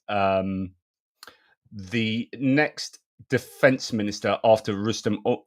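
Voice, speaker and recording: Brief: male live-stream host, middle-aged, low-pitched, chatty and rambling. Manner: chatty, rambling, many fillers and restarts. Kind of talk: live-stream news commentary.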